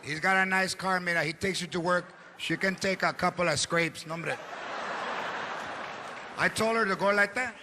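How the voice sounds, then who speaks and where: A man doing a loud stand-up comedy routine on a theater stage, shouting punchlines, acting out characters and dropping Spanish phrases. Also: high voice, normal speed, pauses often. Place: large theater with live audience. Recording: live show with crowd noise. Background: audience laughter and crowd noise.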